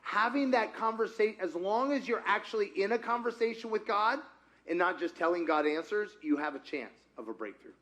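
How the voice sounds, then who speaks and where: Man, pastor, high voice, animated interactive sermon, acts out dialogues. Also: fairly quick. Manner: animated, talks with the congregation, acts out dialogues with God.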